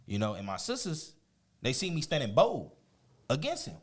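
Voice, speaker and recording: A guest on an interview show tells a personal story in a casual, animated way, often laughing and acting out quotes. His voice is husky and medium-pitched, at normal speed.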